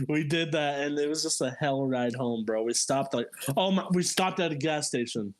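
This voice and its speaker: A young man casually telling a story on a podcast, animated and laughing, jumping into squeaky high voices for quotes. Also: normal speed, few pauses. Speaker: podcast co-host.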